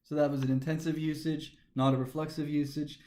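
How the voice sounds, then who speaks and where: A man's voice: a little high, flat delivery, fairly quick, mellow. A man teaching a grammar lesson, methodically talking through each step aloud. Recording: echoey room.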